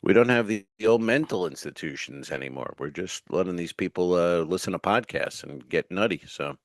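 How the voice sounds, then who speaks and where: A man's voice: sits low, animated, a little fast, no room sound, studio quality. A male comedian co-hosting a podcast, telling rambling stories in casual chat and swearing freely.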